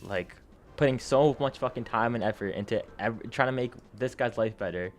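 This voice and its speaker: A man's voice: medium pitch, normal speed. A young man telling a gaming story in a casual, rambling way, full of slang, swearing and fillers, his energy rising and falling. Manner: animated, jumps up and down in energy.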